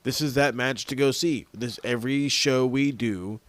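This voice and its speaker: In a dry recording, a podcast co-host reviews wrestling in casual, enthusiastic chat, his mid-range voice at normal speed. He swears now and then.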